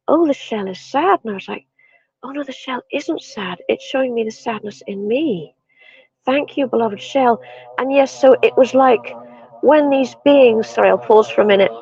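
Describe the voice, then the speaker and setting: Gravelly, soft-spoken Irish woman. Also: high voice, no echo. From Ireland. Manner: soft, reflective storytelling with many fillers. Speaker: guest, shamanic practitioner. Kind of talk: spiritual interview chat. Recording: dull lo-fi sound.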